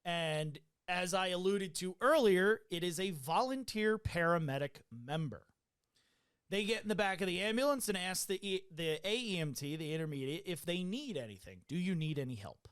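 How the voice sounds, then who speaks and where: A man's voice: high voice, expressive, normal speed, fairly bright tone, clean tone. A man hosting a podcast, casually recounting a medical call in a loose, profane way with many fillers. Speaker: podcast host.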